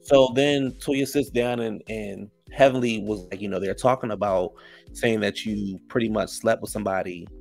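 A man's voice: moderate pace, creaky, soft background music. A man casually recapping a reality TV episode in a sassy, profane, gossipy way. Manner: acts out quotes in higher voices.

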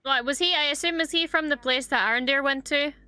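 A woman's voice: high voice, fast talker, pushed and bright, no room sound. A young woman hosting a reaction video, chatting casually and expressively, swearing often and gushing over what she watches.

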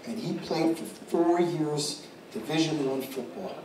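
A man's voice: on the high side, unhurried. A man, a father, giving a rambling tribute speech to an audience, with frequent restarts and repeated words. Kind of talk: public speech at an event. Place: large echoey room with an audience. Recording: echoey hall audio from a distant mic with background noise.

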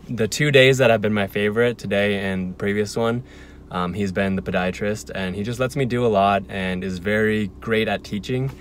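Young man, low voice, casual phone vlog; relaxed, rambling, filler-heavy delivery. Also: slight background noise. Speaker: physician assistant student vlogger. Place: car and home. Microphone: phone held at arm's length.

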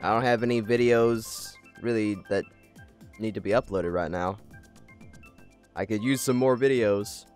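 A man's voice: fairly low pitch, measured pace, long pauses, a little mellow, faint music behind. A man hosting a casual gaming livestream, joking around and thanking viewers while he plays. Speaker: livestream host. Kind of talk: casual gaming stream chat.

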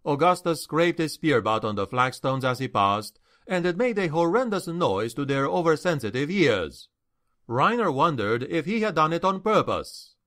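Reading a fantasy novel as an audiobook, this narrator tells the story expressively in a mid-range male voice.

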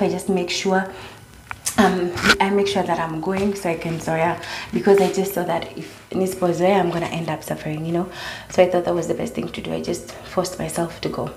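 A woman's voice: on the low side, darkish tone. A young woman from Kenya with a Kenyan accent, chatting casually as a vlogger and slipping Swahili slang into her talk. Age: young adult. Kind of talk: casual chat. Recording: echoey room.

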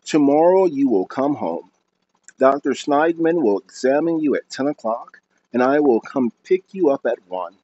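A tired, soft-spoken father who speaks in careful, formal sentences, put on by a male reader. His voice sits lower than the storytelling voice and moves in lively contours. The recording sounds dull and lo-fi. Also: moderate pace, close to an everyday voice. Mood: calm. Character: tired, gentle middle-aged father, a professor.

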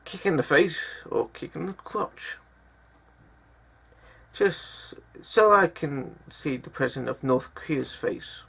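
A man rants through the day's news, his voice gravelly and husky. He swings his pitch widely and talks slowly, with frequent swearing. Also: expressive, a bit bright. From Britain. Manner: profane, angry ranting with frequent swearing. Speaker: news commentary vlogger. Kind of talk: ranting news commentary.

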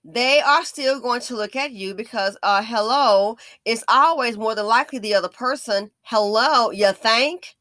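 Woman commentator with a bright, forceful voice and a slightly high pitch, preachy and sassy, recorded dry. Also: unhurried, few pauses, no echo. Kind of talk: true-crime commentary.

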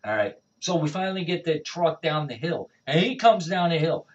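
A man speaking as an evangelist, telling stories of his faith in an animated, conversational way and often checking in with "all right?". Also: on the high side, normal speed. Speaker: evangelist guest. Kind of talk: conversational testimony. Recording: dull distant lo-fi sound.

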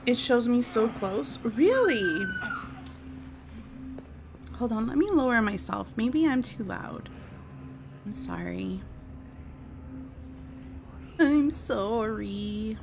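A woman's voice: on the high side, sing-song, slow pace, long pauses, music in the background. A woman live-streaming a game, chatting casually with viewers, apologetic and easily startled. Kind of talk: casual live-stream chat while gaming.

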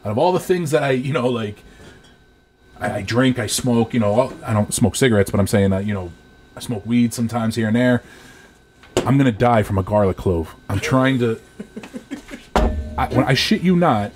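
A man in his thirties from Rhode Island, co-hosting a podcast and telling a profane, animated story in casual chat. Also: medium pitch, normal speed, long pauses, a little hiss or hum. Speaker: podcast co-host.

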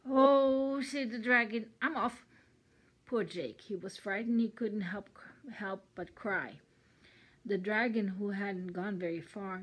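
Older woman, German accent, storybook reading, lowish voice, husky, casual asides. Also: poor audio. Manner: chatty asides between sentences. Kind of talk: reading a children's story aloud.

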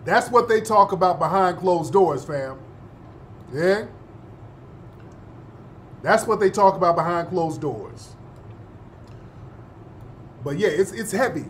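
Emphatic talk-show host, higher-pitched man. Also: expressive, slow, long pauses, a little hiss or hum. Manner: emphatic, repeats points and asks listeners "yeah?". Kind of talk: talk radio monologue.

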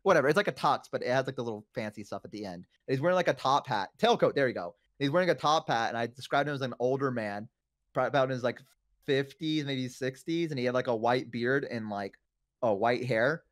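A man's voice: mid-range voice, fast, no echo, clean studio sound. A young man chatting casually and telling stories, rambling with lots of fillers. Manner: rambling, many fillers and restarts. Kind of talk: casual chat, storytelling.

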